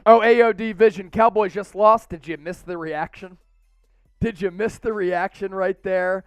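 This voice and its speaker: A man's voice: high-pitched, moderate pace, smooth, no room sound, soft background music. A man hosting a live-stream football watch party, hyped and calling out viewers' names and super chats. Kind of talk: excited live-stream sports chat.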